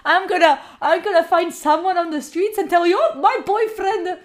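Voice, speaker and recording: A young adult Italian woman, a study streamer from Italy, chats casually with her stream chat in Italian-accented speech, often laughing as she answers viewers' questions. Her voice is very high, her tone steady, and her pace brisk.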